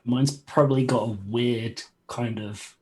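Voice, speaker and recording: A man's voice: mid-range voice, steady tone, measured pace, mellow, poor audio. A man playing in a tabletop game, casually thinking aloud about his character's backstory. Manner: easygoing, hesitant, thinking aloud. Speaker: player. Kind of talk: casual tabletop planning chat.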